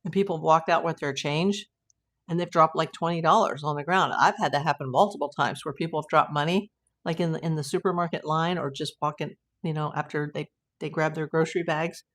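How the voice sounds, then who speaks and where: Brief: woman live-stream host, loose rambling chat with frequent laughs, slightly low-pitched voice. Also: steady tone, fairly quick, fairly bright tone. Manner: rambling, anecdotal, laughs often. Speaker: host of a live YouTube channel.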